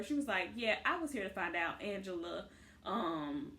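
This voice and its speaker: A woman's voice: medium pitch, very animated, moderate pace, fairly bright tone. A woman co-hosting a casual show recap, retelling scenes and acting out the characters' lines. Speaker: podcast co-host.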